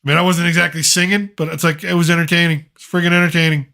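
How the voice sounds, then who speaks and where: A man's voice: a little high, flat delivery, racing, vocal fry, sharp tone. A middle-aged man hosting a casual chat, rambling and opinionated with plenty of fillers. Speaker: podcast host, father.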